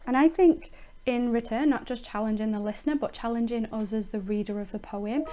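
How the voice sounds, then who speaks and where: A woman's voice: fairly high pitch, fairly quick, warm tone, faint music behind. A woman teacher explaining a poem in a recorded lesson, thinking aloud with frequent ums and restarts.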